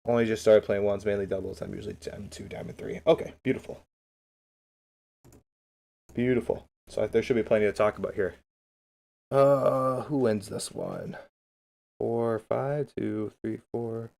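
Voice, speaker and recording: Guy streaming replay coaching, casual rambly chat, mid-pitched voice, upbeat and loose. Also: steady tone, normal speed, creaky. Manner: upbeat, keeps saying beautiful.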